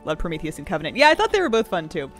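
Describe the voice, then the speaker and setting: A woman's voice: on the low side, wildly swooping pitch, very fast, soft background music. A young woman streamer chatting casually with viewers, telling rambling stories with laughs.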